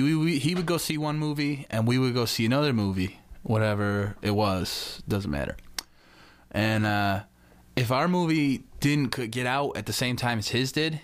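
A man, telling a rambling, profane story as a podcast co-host. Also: medium pitch. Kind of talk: casual chat.

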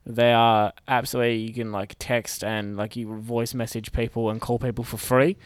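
A man's voice: mid-range voice, level tone, moderate pace, smooth, dry recording, clean studio sound. Upbeat man hosting a chat podcast. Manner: upbeat, runs the segments, laughs easily. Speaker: podcast host. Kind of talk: casual chat.

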